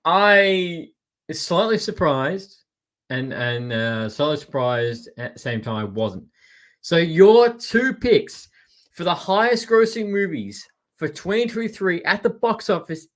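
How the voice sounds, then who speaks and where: A man's voice: fairly high pitch, a bit bright. Chatty man rambling about movies. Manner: chatty, rambling, with fillers and laughs. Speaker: movie news host. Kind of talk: casual spoken review.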